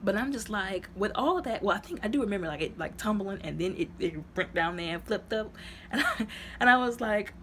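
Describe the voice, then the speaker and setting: A woman casually retelling a movie plot as a reviewer, in a chatty, rambling way full of "like" and "you know," her voice jumping up high when excited. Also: a little fast, a little hiss or hum. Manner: sudden jumps up into high exclaiming tones.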